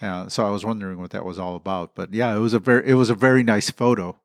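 Soft-spoken man co-hosting a chat. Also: on the low side, fairly even intonation, quick pace, no echo, studio quality. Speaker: podcast co-host. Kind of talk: casual chat.

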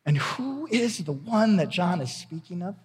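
A man's voice: high voice, big pitch swings, a little slow, long reverb tail, a little hiss or hum. A middle-aged man preaching a sermon as pastor, candid and conversational, often repeating his words.

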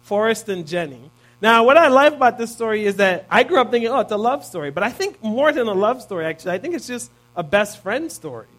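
Thirties male preacher, high voice, relaxed and chatty, keeps asking the room "right?". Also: brisk. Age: 30s. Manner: casual, peppers points with "right?". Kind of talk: conversational sermon.

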